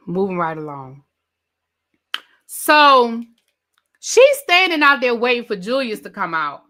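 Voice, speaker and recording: Animated woman ranting about a TV show. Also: fairly high pitch. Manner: animated, mimics people she describes, talks to chat. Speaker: TV review channel host. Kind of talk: live rant and recap of a reality show.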